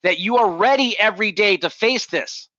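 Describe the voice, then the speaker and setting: A man giving an energetic motivational talk to leaders, coaching the audience through exercises. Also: sits high, normal speed, dry recording, highs cut off. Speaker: leadership speaker.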